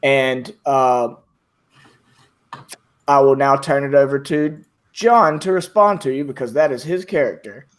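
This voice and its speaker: A man's voice: medium pitch, measured pace. A man narrating as game master of a tabletop game, rambling with many fillers.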